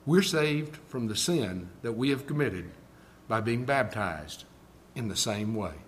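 An older man preaching a sermon, moving between quiet storytelling and loud, emphatic declarations. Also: mid-range voice, expressive, unhurried, a little hiss or hum.

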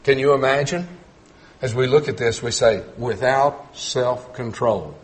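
A middle-aged man preaching a sermon, telling folksy stories and swinging between loud emphatic points and quiet low asides. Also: steady tone, moderate pace. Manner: storytelling with folksy humor.

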